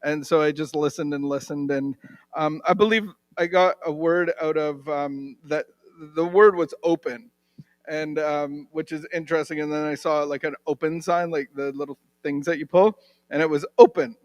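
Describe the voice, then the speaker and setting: A man closing a church service, relaxed and joking, talking informally with pauses and restarts. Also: a little high, no echo. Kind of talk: informal sermon talk.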